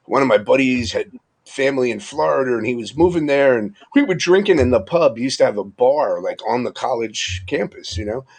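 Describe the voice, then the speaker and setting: Brief: man, 50s, New York accent, husky, rambling, chatty livestream host. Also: medium pitch, expressive, a little fast. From Long Island, New York. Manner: rambling and chatty, laughs often. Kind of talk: casual live-stream chat. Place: upstairs room with covered window.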